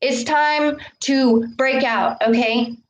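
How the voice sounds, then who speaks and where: Slow-talking woman preaching casually. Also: high-pitched, fairly even intonation, rough recording. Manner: preachy, repeats "okay" and "all right". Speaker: spiritual vlogger. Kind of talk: casual spiritual talk to camera.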